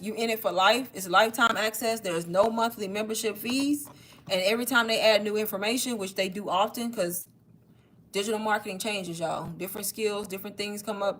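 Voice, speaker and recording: A woman chats straight to her livestream viewers. She is a little out of breath and keeps calling them "y'all" as she pitches online courses in a relaxed, talkative way. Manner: chatty, addresses viewers as y'all. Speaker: online marketing creator. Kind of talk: casual livestream sales talk.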